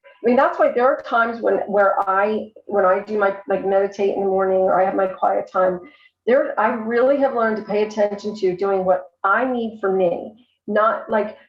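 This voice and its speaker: An earnest, candid woman talks as a guest on a podcast. Her voice sits at an ordinary pitch. The sound is roomy and a little dull, like remote audio caught in an echoey room. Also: moderate pace. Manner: earnest, candid, fillers like "you know". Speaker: guest, coach for abuse survivors. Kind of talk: casual podcast conversation.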